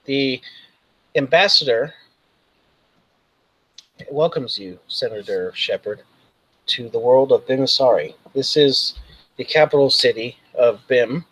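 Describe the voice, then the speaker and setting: A man's voice: medium pitch, slow, pauses often, fairly bright tone, poor audio. A man voicing a stiff, formal protocol droid translator with stilted diplomatic phrasing.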